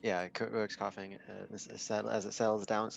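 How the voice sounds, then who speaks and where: A man's voice: fairly low pitch, flat delivery, a little fast, vocal fry, dull audio, a little hiss or hum. A man playing in a tabletop game, talking hesitantly with frequent laughs. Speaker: player. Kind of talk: casual tabletop role-play.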